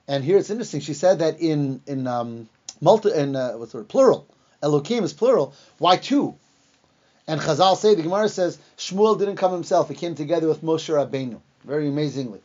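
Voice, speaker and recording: A man teaching a lesson on the Bible, retelling the story in a lively way and acting out the lines he quotes, with some fillers and restarts. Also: on the high side, fairly quick. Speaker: Torah teacher. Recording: dull lo-fi recording.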